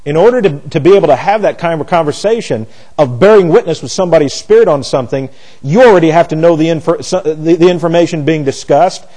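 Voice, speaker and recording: Male Bible study teacher, mellow and a bit high-pitched, folksy, repeats himself. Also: expressive, fast talker, rough recording. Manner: rhetorical questions, repeats and restarts phrases; chatty, folksy asides. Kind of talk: conversational class teaching.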